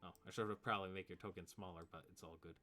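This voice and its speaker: Casual low-voiced game master. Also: male voice, steady tone, very fast, pushed and bright. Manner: casual, rambling, sound-effect interjections. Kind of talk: narrating a tabletop game.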